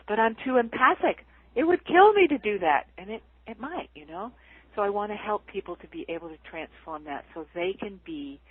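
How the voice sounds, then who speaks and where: A woman's voice: fairly low pitch, slightly rough. Woman healer on a tinny phone line. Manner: animated, laughs often, acts out quoted voices. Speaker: spiritual healer guest. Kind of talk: casual spiritual talk.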